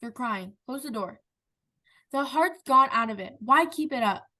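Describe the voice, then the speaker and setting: A woman's voice: fairly high pitch, animated, unhurried, bright, forceful tone. A woman reading a pleading, frustrated husband. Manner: pleading, earnest recitation.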